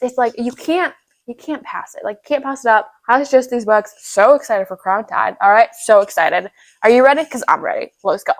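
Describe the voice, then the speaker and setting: A young woman chatting casually about upcoming books, gushing and full of "like" and "right?". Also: on the high side. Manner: gushing, filler-heavy with lots of "like" and "right?". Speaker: book vlogger. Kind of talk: casual chat.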